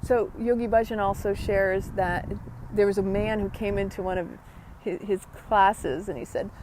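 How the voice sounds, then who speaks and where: Woman host, mid pitch, chatty and rambling, casual wellness live stream, faint hiss behind. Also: fairly even intonation, moderate pace, darkish tone. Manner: chatty, rambling, greets viewers by name. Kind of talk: casual live chat about yoga and wellness.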